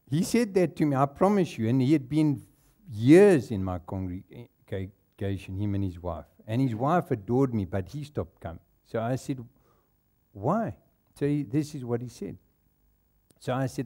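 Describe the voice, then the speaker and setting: A man's voice: medium pitch, expressive, unhurried, mellow. A male pastor with a South African accent preaching a sermon in a church, telling stories and laughing at his own anecdotes. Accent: South African English.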